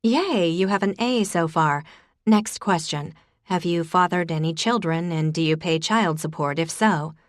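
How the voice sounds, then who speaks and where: Woman playing a flustered young woman, higher-pitched. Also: unhurried, no room sound, clean studio sound, lightly acted. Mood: brisk. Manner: nervous, eager.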